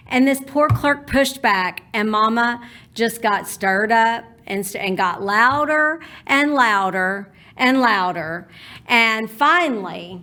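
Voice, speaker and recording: A woman with a Texan accent tells a story from her childhood. Her voice sits a little high, and her delivery is folksy and animated, with homespun turns of phrase. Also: slow pace. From Texas. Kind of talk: personal storytelling.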